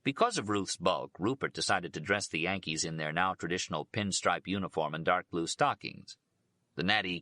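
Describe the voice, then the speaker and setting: Deep-voiced man reading an audiobook. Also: bright, forceful tone, dry recording. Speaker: audiobook narrator.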